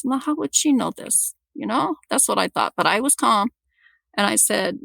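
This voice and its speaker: A woman guest on a podcast telling a personal story, halting and repeating words as she restarts sentences. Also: mid-range voice, lively intonation, gravelly, a bit bright, no echo.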